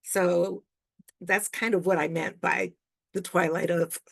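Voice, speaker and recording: An older woman from Canada answers audience questions as a rabbi, reflective and relaxed, with frequent small chuckles. Her voice has a gravelly grain and she takes her time, letting pauses settle between thoughts. The sound is close and dry, as on a video call. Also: on the low side, dry recording. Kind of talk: casual Q&A talk.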